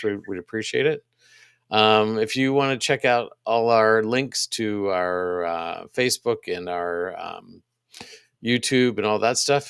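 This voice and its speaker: A man co-hosting a podcast, casually reading out upcoming events, halting with many ums and restarts. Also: on the low side, fairly bright tone, clean tone, dry recording, studio quality. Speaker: podcast co-host.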